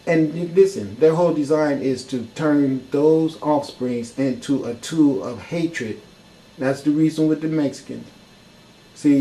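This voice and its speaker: A man's voice: mid-range voice, mellow, poor audio. A man giving an impassioned, profane talk full of rhetorical questions. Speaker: speaker in a discussion.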